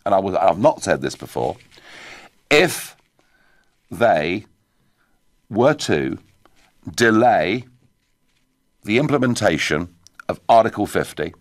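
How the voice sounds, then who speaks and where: A man hosting a radio phone-in, talking to callers in a forceful, emphatic way. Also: deep voice, slow pace, long pauses, no room sound. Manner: forceful, emphatic, lively delivery. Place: radio studio. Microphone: studio microphone.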